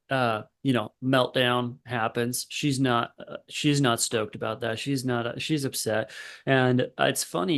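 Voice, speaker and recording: A man, a therapist and podcast guest, telling a story in a relaxed conversational way with fillers. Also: mid-range voice, creaky. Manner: relaxed, lots of fillers and restarts.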